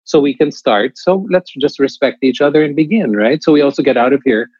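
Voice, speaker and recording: A man's voice: mid-range voice, a little fast, husky, dry recording. A man who directs and mentors stage actors, giving emphatic interview answers with frequent restarts. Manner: emphatic, animated, many restarts. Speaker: theatre director and acting mentor. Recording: dry, dull lo-fi sound.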